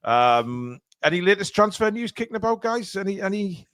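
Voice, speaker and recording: A man's voice: high voice, big pitch swings, moderate pace, a bit bright, clear, resonant tone, no room sound, studio quality. A man hosting a casual live stream, reading out donations with lots of fillers. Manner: rambling, many fillers. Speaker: stream host reading super chats.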